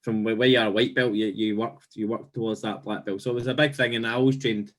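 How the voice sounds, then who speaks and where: A man's voice: on the low side, fairly even intonation, fast. A man in a casual podcast chat, looking back on old memories and often repeating his phrases as he talks.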